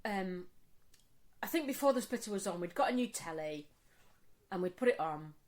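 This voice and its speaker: Sweary, animated woman. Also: medium pitch, normal speed. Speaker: podcast co-host. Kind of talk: casual chat.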